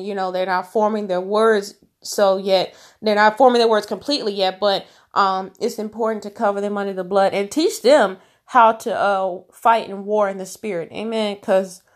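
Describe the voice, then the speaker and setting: A woman leading an informal Bible study, reading verses aloud and then talking them over. Her talk is loose and full of fillers and restarts. She presses hard on her strongest points. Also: medium pitch. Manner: conversational, many fillers and restarts, gets emphatic. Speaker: Bible teacher.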